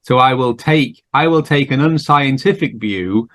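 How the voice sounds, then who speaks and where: A man's voice: medium pitch, measured pace, fairly bright tone. A man hosting a podcast, talking casually and thinking aloud. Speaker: podcast host. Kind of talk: podcast conversation.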